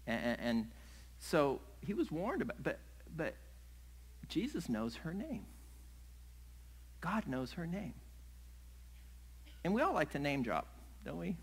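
A middle-aged man, a pastor, preaching a sermon in an animated way, acting out little scenes and laughing along the way. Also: fairly high pitch, takes it slowly, gravelly, pauses often, breathy edge, poor audio.

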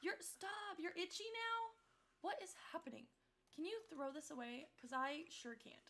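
A woman's voice: extremely high pitch, big pitch swings, moderate pace, pushed and bright. A young woman streaming a life-sim game, chatting casually with viewers and talking to her characters, often giggling. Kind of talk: casual live-stream commentary.

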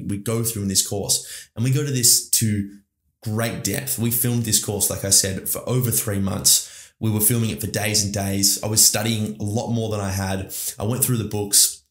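A man with an Australian accent hosting a podcast, talking in an enthusiastic, rambling motivational monologue to his listeners. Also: on the low side. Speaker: podcast host. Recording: roomy echo.

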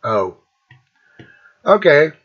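A man's voice: fairly high pitch, very animated, drawn-out words, muffled recording. A man in his fifties hosting a casual rant, blunt and profane, rambling between thoughts. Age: 50s. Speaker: host.

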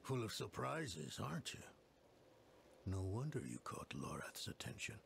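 An actor playing a grim man in a dark fantasy game cutscene, speaking low and hushed with a gravelly voice. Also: sing-song, a little slow, a little hiss or hum, heavily acted. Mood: hushed, wary. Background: game music.

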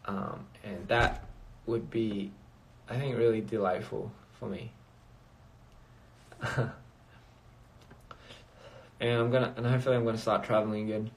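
A man's voice: lowish voice, flat delivery, unhurried, vocal fry, pauses often, a little hiss or hum. A man chatting casually on a phone livestream, rambling and reading out viewer comments. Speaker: livestream host.

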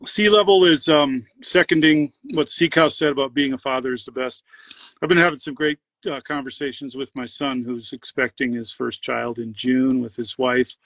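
A man's voice: medium pitch, fairly even intonation, normal speed, fairly bright tone, dry recording. A middle-aged man hosting a livestream, upbeat, reading viewer comments aloud and chatting.

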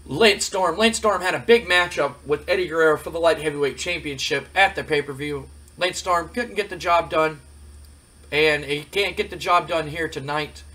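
A man giving casual let's-play commentary on a wrestling game, reading out results in a relaxed, chatty way. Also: fairly high pitch.

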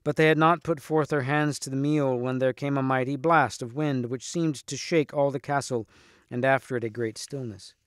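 Man reading a storybook, smooth. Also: medium pitch, fairly even intonation, moderate pace, no echo, studio quality. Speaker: reader. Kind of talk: storybook read-aloud.

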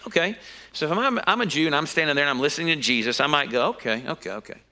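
Animated, bright-voiced man preaching. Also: rapid-fire. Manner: animated storytelling with sudden high-pitched exclamations. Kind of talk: sermon.

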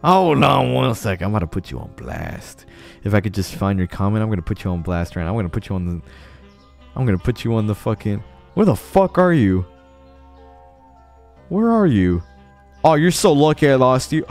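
A man's voice: mid-range voice, very animated, moderate pace, creaky, darkish tone, soft background music. A young man streaming a game live, chatting casually, swearing a lot and laughing often. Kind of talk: casual live-stream chat while gaming.

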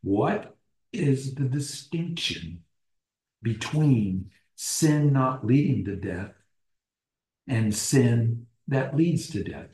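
A man leads a small-group Bible study at an unhurried pace, circling back over his phrases and putting questions to the group. His tone is mellow and low-lit, and the room around him gives off a noticeable echo. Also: animated. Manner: deliberate, restating phrases and posing questions to the group. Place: church meeting room. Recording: roomy echo.

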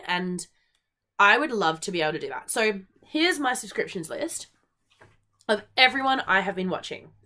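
A young woman with an Australian accent and a bright, clear voice chats on her own. She talks with high energy and bounces from thought to thought, dropping plenty of ums and likes along the way. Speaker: knitting podcast host. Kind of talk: casual solo chat.

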